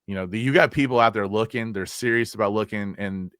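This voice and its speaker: A man's voice: on the low side, quick pace, fairly bright tone, clear, resonant tone, dry recording, studio quality. A man co-hosting a podcast and giving plainspoken advice, often trailing off and restarting with "like". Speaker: podcast co-host, real estate coach. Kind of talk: casual conversational podcast.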